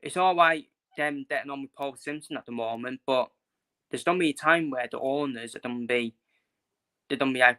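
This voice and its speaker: A man's voice: mid-range voice, expressive, normal speed, bright, forceful tone. A young man ranting casually in his own vlog, frustrated and blunt, repeating himself and swearing. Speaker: football fan vlogger. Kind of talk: casual opinion rant.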